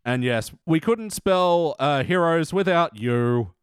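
A man hosting a casual comedy podcast, giggly and halting with fillers. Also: fairly high pitch, animated, smooth, no echo, studio quality. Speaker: podcast host.

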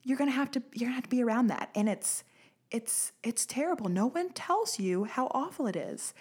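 A woman's voice: on the high side, expressive, brisk, slightly rough. Ranting, sarcastic young woman podcaster. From United States. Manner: sarcastic, ranting, swears freely, laughs often. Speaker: podcast host. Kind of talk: casual solo podcast rant. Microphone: studio podcast mic.

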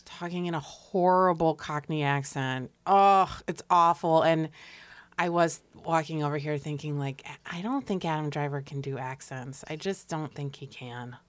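A woman co-hosting a casual TV recap chat, retelling scenes in a chatty, animated way. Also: deep voice, moderate pace, dry recording.

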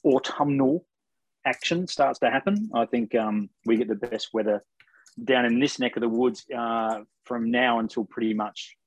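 A man's voice: mid-range voice, normal speed, no echo, poor audio. Man, co-host, easygoing live-stream banter, dry close sound over a video call. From Australia. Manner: relaxed, chatty, frequent ums. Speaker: podcast co-host. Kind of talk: casual live-stream chat.

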